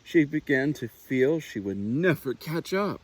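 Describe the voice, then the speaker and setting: A man, a naturalist, reading a children's picture book aloud with expressive, unhurried storytelling. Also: medium pitch, slight background noise.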